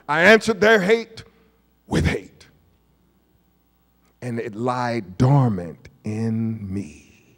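A man, a pastor preaching a storytelling sermon, moving from hushed asides to shouted peaks. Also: mid-range voice, lively intonation, extremely slow, pauses often. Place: church sanctuary. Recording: long hall reverb of a church.

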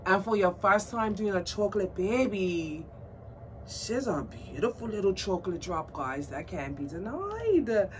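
A woman vlogging about her doll collection in a casual unboxing chat, gushing and excitable, cooing at a doll in baby talk. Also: medium pitch, unhurried. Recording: distant mic with faint background noise.

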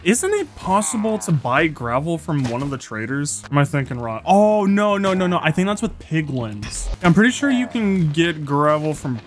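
A young man giving excitable, jokey commentary while playing a block-building game, full of exclamations. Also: a little high, moderate pace, few pauses. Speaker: Minecraft YouTuber. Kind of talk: gameplay commentary.

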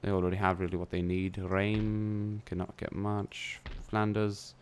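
A man's voice: fairly low pitch, monotone, measured pace, a little hiss or hum. A young man casually commentating his own strategy game, thinking aloud and swearing now and then. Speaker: gameplay commentator. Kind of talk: casual let's-play commentary.

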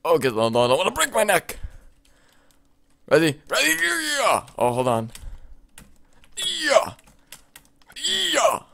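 A young man commenting on his gameplay, excitable and often shouting at the game with mild swearing. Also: a little high, moderate pace, vocal fry, pauses often. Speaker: let's play gamer.

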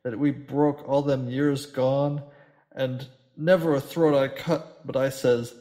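Rough drunken old sea captain, read aloud by a man, bellowing, gruff, storybook sailor talk. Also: medium pitch, fairly even intonation, takes it slowly, lightly acted. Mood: scornful. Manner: loud gruff bellowing, old seafaring dialect.

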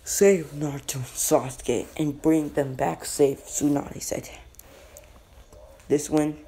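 A slow, rambling male storyteller with a dark, gravelly voice, making up a fan-fiction story as he goes. He pauses often and stumbles over words. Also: a little high, level tone, slight background noise. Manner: halting, rambling delivery with slips. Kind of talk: improvised fan-fiction narration.

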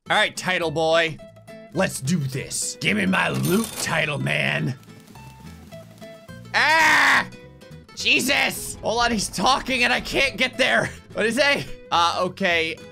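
A man commentating his own Minecraft play, excitable, yelping and laughing at the chaos. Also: very high-pitched, vocal fry. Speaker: gaming YouTuber.

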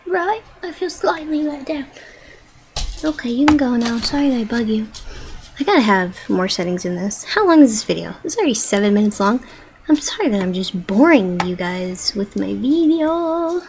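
A woman's voice: high voice, animated, a little slow, vocal fry, darkish tone, a little hiss or hum, poor audio. A young woman rambling playfully into her webcam at home and cooing at her pets. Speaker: vlogger. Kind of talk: casual webcam chatter.

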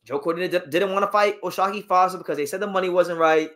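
Fast-talking and high-voiced with a fairly bright tone, this boxing show host runs a live stream answering chat. He's opinionated and emphatic, and words start repeating as he gets worked up.

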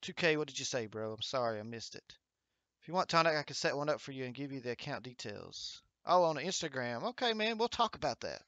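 A man's voice: medium pitch, very animated, quick pace, fairly bright tone, dry recording, lo-fi sound. A man hosting a gaming livestream at home, chatting upbeat and encouraging while reading viewer comments aloud. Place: home streaming setup with green screen.

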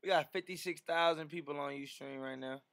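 A relaxed young man hosts a livestream in a loose, easygoing chat. His voice sits a little high for a man. The sound is dry and close, with hardly any room echo. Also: a little fast. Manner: laid-back, talks to viewers and people in the room. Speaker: livestream host.

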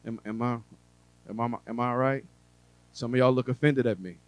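Addressing a congregation, this medium-pitched male preacher talks casually, mixing in jokes and side comments while moving between soft, stretched-out lines and loud bursts of emphasis. The recording is rough, with no echo.

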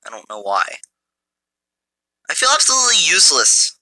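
A man giving mobile gameplay commentary through a phone's built-in mic, excitable and jokey, taunting his enemies. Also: a little high, moderate pace, long pauses, no echo. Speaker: gamer.

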